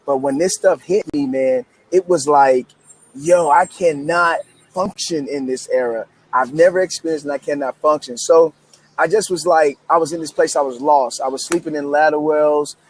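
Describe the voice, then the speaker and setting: A man's voice: on the high side, moderate pace, a little hiss or hum. A man in his thirties from Memphis, a guest author telling his story in an interview with eager energy and many restarts. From Memphis, United States. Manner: energetic, repetitive restarts, emphatic.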